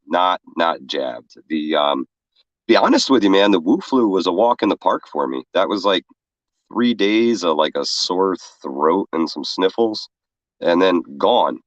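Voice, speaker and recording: A man's voice: low-pitched, dry recording, muffled recording. A man from New York with a stuffy cold, casually hosting a livestream and greeting the chat with loose profanity. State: congested with a cold. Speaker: livestream co-host. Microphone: separate room, remote feed.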